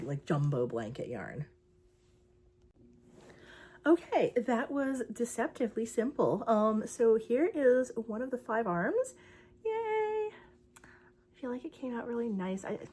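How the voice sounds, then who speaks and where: A young crochet vlogger rambles casually about her project, chatty and heavy on fillers. Her voice is mid-range and a little mellow, with a slight hiss or hum in the background.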